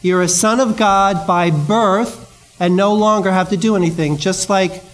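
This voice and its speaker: A man with a notably high voice preaches a sermon. He talks in a loose, conversational way, slipping into stories and quick asides between scripture readings. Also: fairly even intonation, rough recording.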